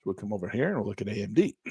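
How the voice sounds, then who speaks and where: Male trading teacher, folksy and excitable, voice fading; animated pitch, dry sound. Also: brisk, creaky, husky, no room sound. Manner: lively, folksy, exclaims at good numbers. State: losing his voice. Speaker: trading instructor. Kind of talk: live trading lesson walking through charts.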